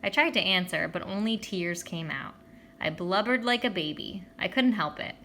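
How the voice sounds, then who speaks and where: A woman's voice: medium pitch, moderate pace, slight background noise. Woman reading a children's novel aloud. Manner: expressive, voices the characters. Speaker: audiobook reader.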